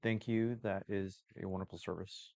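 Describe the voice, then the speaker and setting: Man reading out comments, low and dry. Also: steady tone, normal speed, darkish tone, no room sound. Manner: hesitant, reads comments aloud plainly. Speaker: assistant reading viewer comments.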